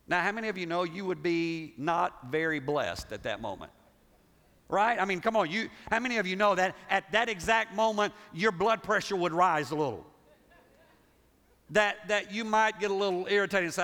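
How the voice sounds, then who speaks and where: A male pastor preaching a sermon, animated and full of rhetorical questions, often restarting his words. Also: on the high side, moderate pace. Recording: reverberant hall.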